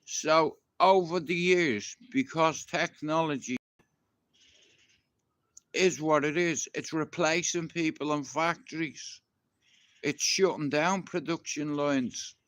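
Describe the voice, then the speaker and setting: A middle-aged Irish man with a Dublin accent speaks slowly in a fairly high, slightly bright voice, with no room sound. Live-streaming outdoors from his garden, he tells rambling stories casually and swears freely.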